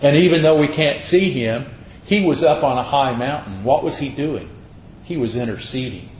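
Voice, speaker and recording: A man's voice: mid-range voice, moderate pace, darkish tone, slight background noise. A man preaching a sermon, dramatic and acting out voices from the Bible. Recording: echoey room, dull sound.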